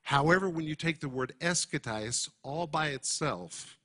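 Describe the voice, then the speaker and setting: A man teaching a sermon to a congregation, speaking emphatically and deliberately and stressing key words. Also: fairly high pitch, lively intonation, bright, forceful tone. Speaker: Bible teacher.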